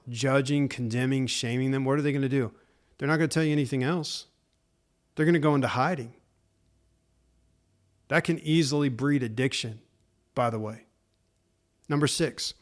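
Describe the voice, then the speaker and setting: A middle-aged man hosting a podcast who gives fathers faith-based encouragement. He is earnest and emphatic and talks to listeners directly as "man" and "guys". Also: medium pitch. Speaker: podcast host.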